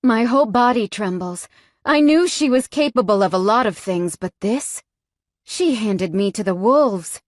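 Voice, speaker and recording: Slow, tense woman audiobook narrator. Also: medium pitch, expressive, dry recording, studio quality. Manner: tense, frightened first-person telling. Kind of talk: scripted first-person audiobook narration.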